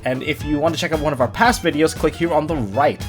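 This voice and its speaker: A man's voice: fairly high pitch, fast, over music. A man hosting a casual card game chat, upbeat and asking questions. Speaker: host.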